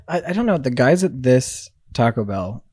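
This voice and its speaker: A man chatting casually as a podcast co-host, wry and relaxed, wandering into loose asides. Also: mid-range voice, normal speed, dry recording, clean studio sound. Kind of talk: casual chat.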